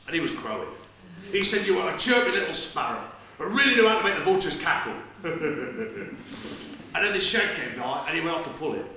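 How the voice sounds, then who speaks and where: Pushed and bright, sitting on the high side, an actor's voice portrays a well-known joking comedian firing gags and chuckling in a stage play. It comes from a small studio theatre stage, recorded at a distance with roomy sound and music.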